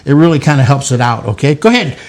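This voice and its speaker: A man's voice: medium pitch, very animated, quick pace. An older man hosting a home cooking show, cheerfully coaching his grandkids through making pizza in a kitchen. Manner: encouraging, playful, coaxing children. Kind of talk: casual cooking demonstration with kids.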